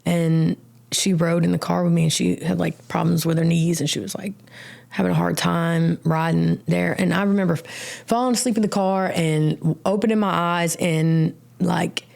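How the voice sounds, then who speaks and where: A woman's voice: fairly low pitch, fairly even intonation, normal speed, creaky, a little mellow. A woman sharing her life story as a guest on a podcast, telling it animatedly with casual slang and acted-out quotes. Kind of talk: personal testimony in a podcast interview.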